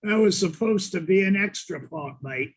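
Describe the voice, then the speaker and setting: A man doing a gruff growling pirate. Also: high-pitched, animated, normal speed. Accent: put-on pirate. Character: rough male pirate.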